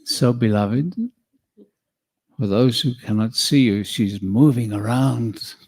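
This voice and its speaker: Slow, measured man teaching calmly. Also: medium pitch, husky. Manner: measured, calm, addresses listeners as beloved. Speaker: spiritual teacher. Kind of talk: slow guided spiritual teaching.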